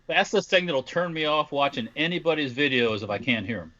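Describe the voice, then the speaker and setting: A man's voice: on the high side, bright, forceful tone. Co-host guy rambling with lots of uhs, kinda muffled audio. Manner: halting, lots of uh and restarts. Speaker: podcast co-host. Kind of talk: casual podcast chat.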